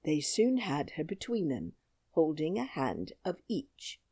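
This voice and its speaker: A woman reading a children's classic aloud with storybook expression. Her pace is slow and her pitch moves a great deal, recorded dry and close. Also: big pitch swings, warm tone, husky, dry recording. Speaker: audiobook narrator. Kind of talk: scripted storybook narration.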